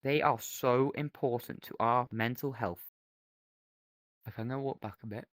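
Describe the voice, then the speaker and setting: A man's voice: mid-range voice, normal speed, no room sound. A young man rambling through an absurd mock lecture in a VR chat, on a headset mic. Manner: rambling, absurd, deadpan silliness.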